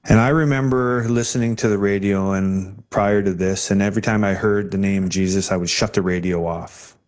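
A man's voice: lowish voice, fairly even intonation, a little mellow. Earnest man telling his testimony. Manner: earnest, halting storytelling with restarts. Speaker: interview guest.

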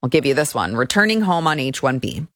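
A woman's voice: very deep voice, big pitch swings, brisk, a bit bright, dry recording, clean studio sound. A woman hosting an opinionated commentary show, talking in a sarcastic, mocking way.

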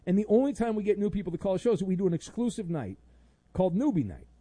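A man's voice: high voice, sing-song, racing, mellow, dry recording. A middle-aged man hosting a sports talk radio show, talking in a wry, rambling way with sarcastic asides.

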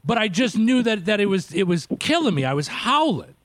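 Male radio host in his 30s, high voice, dry close studio sound, loose and chatty. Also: sing-song, a little fast, a bit bright, no room sound. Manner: chatty, laughs easily, frequent filler words. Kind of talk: casual radio interview.

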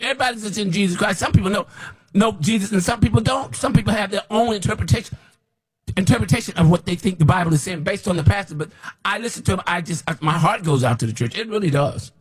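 A man's voice: sits high, slightly rough. A man who calls himself a prophet, preaching in a blunt, scolding and rambling way, often repeating himself. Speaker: self-described prophet. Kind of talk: preaching to camera.

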